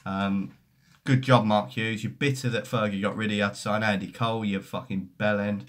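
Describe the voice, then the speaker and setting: A young man with a fairly low, steady voice hosts a football fan live stream at a moderate pace. He chats casually and reads comments, swearing and trading mocking banter.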